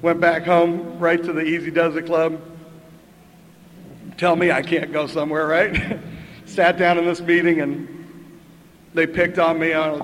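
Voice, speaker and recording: An older man speaks in a fairly high register for a man, sharing his recovery story with dry humor and a conversational rhythm. His voice carries the long echo of a meeting hall, with faint room ambience underneath. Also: a bit bright, slight background noise. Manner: chatty, wry, punctuates with "right?" and laughs. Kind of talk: storytelling share at a twelve-step meeting.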